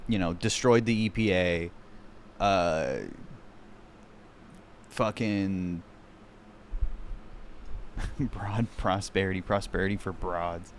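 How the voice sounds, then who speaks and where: A man's voice: low-pitched, fairly even intonation, slow pace, pauses often, slight background noise. A man streaming, reacting with sarcastic, profanity-laden mockery in casual commentary. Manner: profane, mocking, sarcastic rants.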